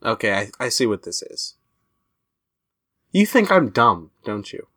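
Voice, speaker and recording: A man narrating his character in an improvised tabletop role-play, in slow, drawn-out storytelling. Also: on the low side, sing-song, fairly bright tone, slightly rough.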